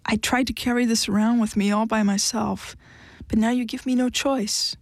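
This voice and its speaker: A woman's voice: on the high side, fairly even intonation, normal speed, no room sound, clean studio sound, natural voice. A woman voicing a jealous, pleading man who turns tearful, in an audiobook reading. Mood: wounded. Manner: pleading, wounded delivery. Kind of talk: audiobook character voice.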